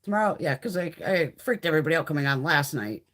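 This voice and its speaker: A middle-aged woman with a low-pitched voice talks fast while chatting casually with viewers on a live stream. Chatty and animated, she swears constantly and acts out quoted conversations.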